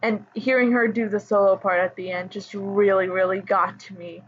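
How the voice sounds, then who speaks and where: A woman chatting casually as a pop music fan, rambling with fillers and soft laughs. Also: medium pitch, steady tone, moderate pace. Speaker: idol fan commentator. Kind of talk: casual chat. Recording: dull lo-fi audio.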